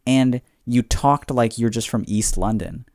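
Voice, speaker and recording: A man's voice: medium pitch, unhurried, a little mellow, no echo, clean studio sound. A man co-hosting a podcast, talking casually in a reflective, rambling way with lots of fillers. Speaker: podcast co-host. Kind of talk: casual chat.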